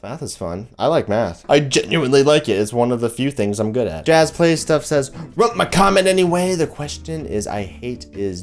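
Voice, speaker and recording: A young man hosting a comedy video, reading out viewer comments and reacting with sarcastic, animated commentary. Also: mid-range voice, a little fast, few pauses. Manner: animated, sarcastic, jumps into mocking voices. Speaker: YouTube host reading comments.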